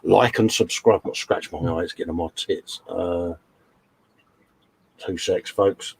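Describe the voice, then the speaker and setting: A man's voice: low-pitched, fairly even intonation, measured pace, gravelly, husky. A man hosting a casual livestream, chatting and reading out comments in a jokey, rambling way. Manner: chatty, jokey, lots of "uh" and "mate". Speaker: livestream host.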